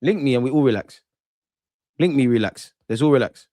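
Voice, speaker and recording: A man hosting a live football watchalong, reacting excitedly, swearing and talking to his chat and the players. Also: mid-range voice, brisk, no room sound, clean studio sound.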